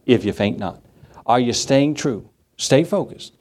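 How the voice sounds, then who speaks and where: A man's voice: medium pitch, expressive, a little slow, a little mellow. A male pastor preaching a sermon conversationally, repeating key phrases for emphasis and adding humorous asides.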